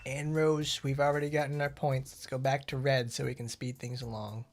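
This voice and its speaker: A man's voice: medium pitch, little pitch movement, moderate pace, faint music behind. A man streaming a game and chatting casually, rambling with lots of fillers and blunt, profane asides. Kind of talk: casual gameplay commentary.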